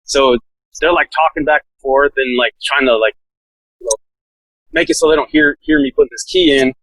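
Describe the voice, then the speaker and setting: A man's voice: mid-range voice, expressive, moderate pace, fairly bright tone, no room sound, low-quality recording. A man telling a story in a casual, laid-back way, full of "like" fillers and laughing now and then. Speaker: podcast guest, SWAT officer.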